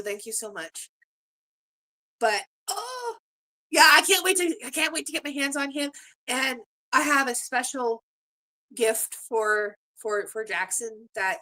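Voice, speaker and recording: A woman's voice: a little high, bright, forceful tone. A middle-aged woman, a grandmother from Canada, chatting casually with viewers on her live stream, rambling and gushing with many fillers. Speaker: livestream host.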